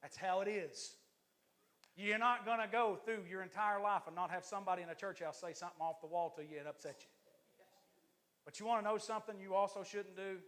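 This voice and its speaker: A man, an assistant pastor, preaching a lively, joking sermon to his church congregation. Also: high-pitched, brisk.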